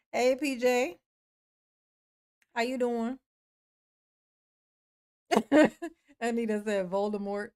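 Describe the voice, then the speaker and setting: A young woman hosts a casual livestream and chats with viewers in a slightly high voice. She talks slowly and drawls her replies, with many "yes, honey" asides. She is playful and laughs often as she reads out names. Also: clear, resonant tone. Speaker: livestream host. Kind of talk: casual livestream chat, reading and answering a live chat.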